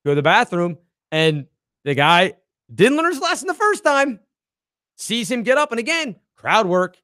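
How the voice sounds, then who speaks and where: A male podcast host chatting casually and spinning an anecdote. His voice sits high and swings widely in pitch as he acts out the people in his story. The sound is dry and close. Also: very animated, normal speed, sharp tone, no echo. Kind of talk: casual chat.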